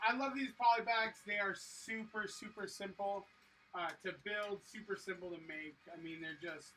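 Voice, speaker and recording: A livestream host chatting casually while building a set and answering viewers, excitable and enthusiastic, with lots of fillers. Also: medium pitch. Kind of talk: casual chat reading viewer comments. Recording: slightly distant mic with faint noise.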